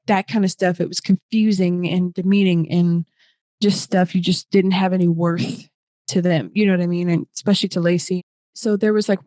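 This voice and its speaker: A young woman guest on a podcast, telling a personal story in an animated way, full of fillers and acted-out quotes. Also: medium pitch, no room sound. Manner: animated, acts out quoted voices; many fillers like "like".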